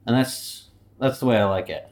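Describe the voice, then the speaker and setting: A man's voice: mid-range voice, normal speed, darkish tone, close to an everyday voice. A man playing a boastful, swaggering personification of human error in a comedic interview. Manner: swaggering, boastful, laid-back. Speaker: company anti-mascot guest.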